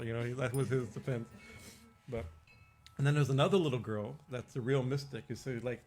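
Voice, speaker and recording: A man's voice: medium pitch, brisk. A man, a swami giving an informal religious discourse, telling stories in a chatty way with frequent laughs and restarts. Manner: chatty storytelling, laughs often, many restarts. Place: temple hall.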